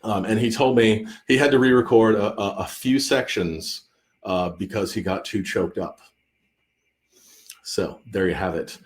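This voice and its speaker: A man's voice: fairly low pitch, fairly even intonation, a little slow. A man, an author hosting a live Q&A stream, chatting casually and rambling with many restarts and fillers. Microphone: computer or phone mic on a live stream.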